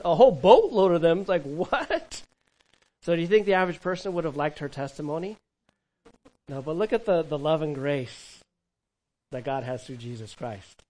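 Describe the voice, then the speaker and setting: A man preaching a sermon with a slightly high-pitched voice. He is animated and swings between soft, intimate stretches and louder emphatic ones. He keeps asking the congregation questions as he goes. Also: rough recording. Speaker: pastor.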